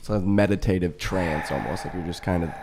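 Lower-voiced man asking rambling questions. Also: a little fast, noisy background. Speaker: interviewer, podcast host. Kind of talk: casual interview questions.

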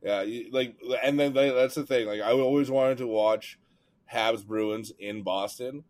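Man from canada, podcast co-host, profane rant, middle pitch, dry close mic. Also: unhurried, no echo. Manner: profane, ranting, animated about hockey. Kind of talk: casual chat. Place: home, just out of bed.

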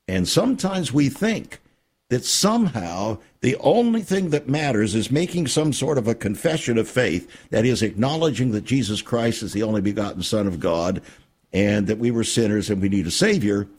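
A man hosting a Christian radio talk show, preaching with emphasis and dramatic pauses. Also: medium pitch, darkish tone, slightly rough. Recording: radio studio.

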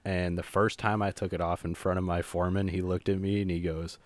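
Low-voiced young man telling stories. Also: steady tone, moderate pace, no echo. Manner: laid-back storytelling, laughs often. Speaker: podcast co-host. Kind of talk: casual chat.

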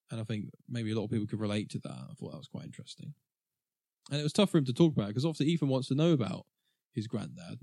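A man's voice: medium pitch, creaky, dark tone, no room sound, studio quality. A man co-hosting a podcast, chatting casually and rambling about a film, laughing often. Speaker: podcast co-host. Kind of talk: casual film review chat.

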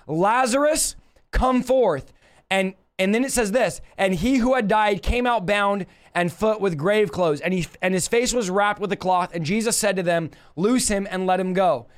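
A young man preaching on a livestream, energetic and emphatic, reading scripture and exhorting his viewers. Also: high-pitched, clear, resonant tone. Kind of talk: livestream Bible teaching.

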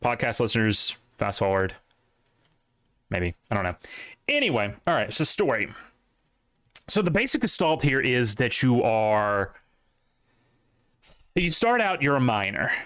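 A man's voice: mid-range voice, very animated, unhurried, pauses often, fairly bright tone, no room sound, studio quality. A man co-hosting a casual gaming podcast, rambling with lots of fillers and restarts. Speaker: podcast co-host. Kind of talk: casual chat.

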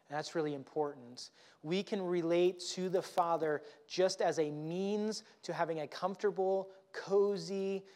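A man's voice: on the high side, darkish tone. A male pastor giving a casual, conversational sermon with fillers and repeated words. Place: church.

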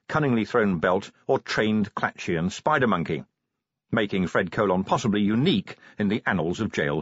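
A man's voice: on the low side, husky, no room sound, dull audio. A man narrating a comic audiobook with wry, dry timing.

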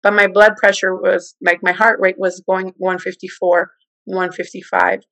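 A middle-aged woman telling a personal story in casual, animated talk, acting out what people said. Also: normal speed, no room sound, rough recording. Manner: animated, acts out quoted speech with big pitch jumps. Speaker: guest telling her testimony.

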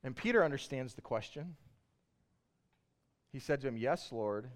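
A pastor preaches a sermon, retelling a Bible passage in a casual, story-like way before building to passionate emphasis. His mid-range voice is expressive and moves at a normal speed.

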